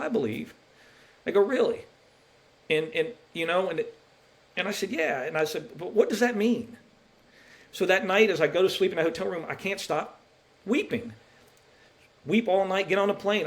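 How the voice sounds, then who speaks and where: A middle-aged basketball referee with a highish, creaky voice shares his personal faith story in a podcast interview. His testimony is earnest and emotional, and he restarts his sentences often.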